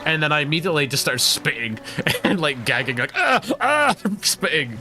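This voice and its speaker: A Scottish man streams a game live, his voice on the high side, sharp and fairly quick over soft background music. His let's-play commentary wanders through chatty stories, broken up by frequent laughter.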